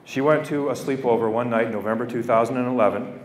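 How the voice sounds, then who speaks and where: A man's voice: medium pitch, steady tone, fast. A middle-aged Canadian man addresses a school assembly in an earnest, heartfelt way, often repeating key phrases. His voice rings out through a big echoey hall. He is picked up from a distance, with a faint hum behind him. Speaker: guest speaker. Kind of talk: public speech to students.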